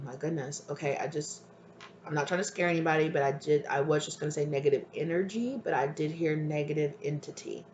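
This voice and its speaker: Tarot reader, soft and hesitant, mid-pitched, echoey room with light background noise. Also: lo-fi sound. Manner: soft, tender, hesitant, calls listeners "my love". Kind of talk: intuitive tarot reading to viewers. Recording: roomy with faint ambient noise.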